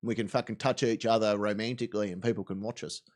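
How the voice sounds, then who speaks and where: A man's voice: on the low side, fairly even intonation, quick pace, darkish tone. A man with an Australian accent hosting a live stream, giving crude, rambling, swaggering commentary on videos.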